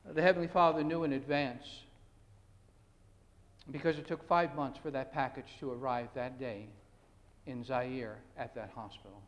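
A man's voice: mid-range voice, fairly even intonation, moderate pace, pauses often. A man preaching a sermon as pastor, earnest, with frequent restarts and rising emphasis. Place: church sanctuary. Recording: long hall reverb.

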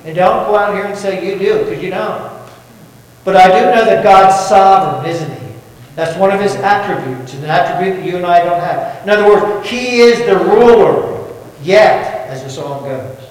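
A man's voice: high-pitched, normal speed. A man preaching a sermon as pastor, folksy and quizzing the congregation with questions. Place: church sanctuary. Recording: echoey church hall from far off.

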